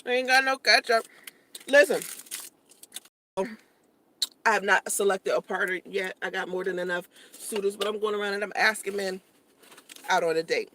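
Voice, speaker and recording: A woman's voice: medium pitch, moderate pace, long pauses, noisy background. A young woman vlogging casually from her parked car while eating, chatty and joking, talking with her mouth full.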